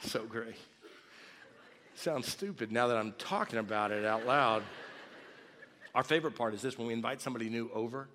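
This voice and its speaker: A man in his fifties preaching in a lively, joking storytelling way, acting out loud shouts as he tells it. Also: mid-range voice, normal speed, pauses often, slight background noise. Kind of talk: storytelling sermon. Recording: long reverb of a large hall.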